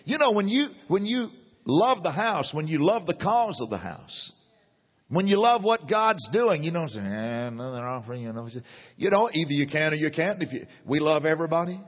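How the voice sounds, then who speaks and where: A middle-aged man preaching a sermon, animated and chuckling between points. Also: a little high, normal speed, husky, in a large hall. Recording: dull lo-fi sermon recording.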